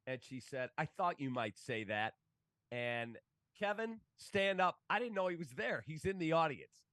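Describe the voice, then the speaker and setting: A man's voice: mid-range voice, moderate pace, no room sound. A man, a sports broadcaster telling stories in casual talk and acting out the voices of the people in them. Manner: animated, acts out quoted voices. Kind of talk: casual storytelling.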